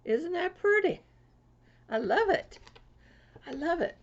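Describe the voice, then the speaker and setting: A woman from Florida chatting casually to her viewers as she opens mail, gushing and excitable and swooping high over each gift. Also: slow. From Florida, USA. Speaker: crafting vlogger. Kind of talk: casual chat opening mail. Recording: lo-fi home video sound.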